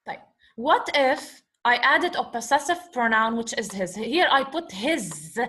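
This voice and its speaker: A woman teaches Arabic vocabulary to English speakers, explaining words from a lesson dialogue. She poses questions and answers them herself, repeats her points, and addresses the class as "guys." Her voice sits on the high side, a bit bright, with lively intonation and a slightly slow pace.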